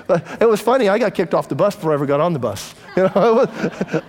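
A man's voice: high-pitched, fairly quick, in a large hall. A middle-aged man and pastor, preaching a conversational sermon and telling candid personal stories to his congregation. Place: church.

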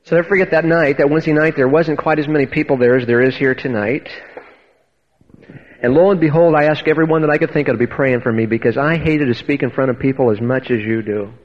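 A man's voice: mid-range voice, fast. Guy preaching his testimony, earnest, stumbles and restarts, dull radio sound with a long hall echo. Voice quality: earnest, emphatic storyteller with many restarts. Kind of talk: sermon with personal testimony. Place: church hall. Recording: dull, echoey church hall, radio-style.

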